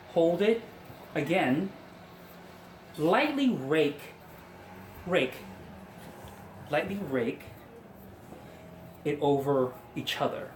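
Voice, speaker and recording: A man's voice: on the high side, slight background noise. Chatty male hairstylist coaching a tutorial. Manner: chatty, coaxing, self-mocking asides. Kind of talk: hair styling tutorial. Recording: echoey room with faint ambience.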